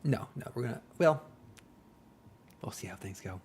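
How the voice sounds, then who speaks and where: A man's voice: medium pitch, lively intonation, normal speed, long pauses, darkish tone. A man chatting casually on a live stream, rambling and self-deprecating with joking asides, and faint music playing behind him. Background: faint background music.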